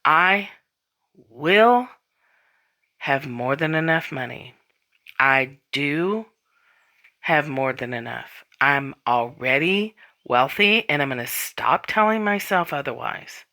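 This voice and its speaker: Bright-voiced woman podcast host. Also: rumbling low, takes it slowly. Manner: animated, casual, acts out inner voices; blunt, swears freely. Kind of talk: spiritual self-help monologue.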